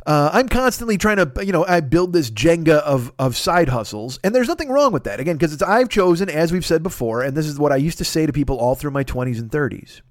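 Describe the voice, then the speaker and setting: A man's voice: a little high, very animated, brisk, few pauses, no echo, clean studio sound. A man in his fifties, a podcast host, riffing in a casual, profane comedic monologue and acting out his own asides. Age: 50s.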